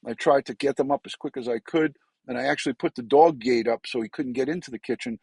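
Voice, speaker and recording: A man's voice: mid-range voice, fast, creaky, darkish tone, slightly rough, dry recording, poor audio. Rambling man hosting a live stream. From New York. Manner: rambling, repeats words and fillers often. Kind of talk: casual live-stream commentary.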